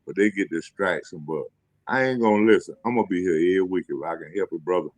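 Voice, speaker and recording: A man with a very deep, low voice talks in a loose, profane ramble, circling back on himself and breaking into laughs. The sound is dry and close, with no room around it. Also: fast, no echo. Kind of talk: casual rambling chat.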